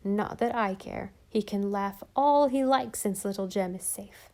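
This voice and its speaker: A brisk, devoted housekeeper speaks cheerfully and to the point, as a woman narrator reads her. Her voice is mellow and warm. It sounds like a storybook audiobook. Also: medium pitch, natural voice. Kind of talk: audiobook character reading.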